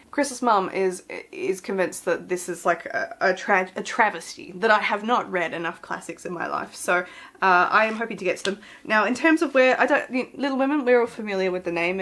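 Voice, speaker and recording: A young woman talks through her book plans in a casual, excitable ramble. She piles on fillers and stops to correct herself mid-sentence, bubbling with enthusiasm as she goes. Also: mid-range voice. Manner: chatty and excitable, with frequent fillers and self-corrections. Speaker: book vlogger. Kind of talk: casual book chat to camera.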